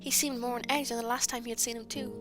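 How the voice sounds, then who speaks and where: A woman's voice: a little high, steady tone, fast talker. A woman streamer reading her friends' old fan fiction aloud, often breaking off to laugh, apologize and comment. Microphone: streaming mic. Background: music playing.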